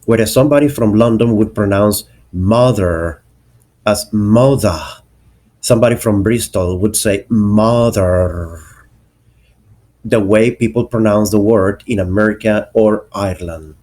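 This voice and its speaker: A man's voice: lowish voice, normal speed, darkish tone. A man teaching an English pronunciation lesson, carefully enunciating each example word.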